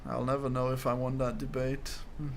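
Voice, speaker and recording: A man streams a game at his desk and chats in a relaxed, laid-back way. He laughs often and swears casually, and his voice sits at an ordinary middle pitch. A faint hiss of noise runs under the recording. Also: brisk, gravelly. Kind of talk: casual stream chat while gaming.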